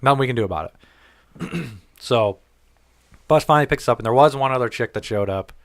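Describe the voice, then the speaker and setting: A man with a mid-range voice speaks fairly quickly on his podcast, the sound clean, studio-quality, and without room sound. In casual conversation he tells a story, swearing freely and animatedly performing the dialogue he quotes.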